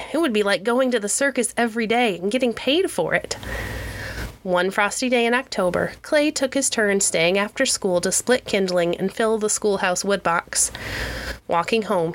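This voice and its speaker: A woman narrating a children's storybook in a clear, steady reading voice. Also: medium pitch. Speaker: audiobook reader.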